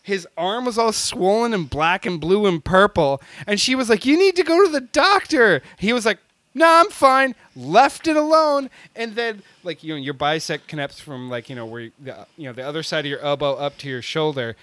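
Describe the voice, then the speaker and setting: A man co-hosting a podcast, spinning a casual story with lots of fillers and frequent laughter. His voice sits high and swings widely in pitch. The sound is dry and close. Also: normal speed, no echo. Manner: animated, laughs often, many fillers. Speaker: podcast co-host.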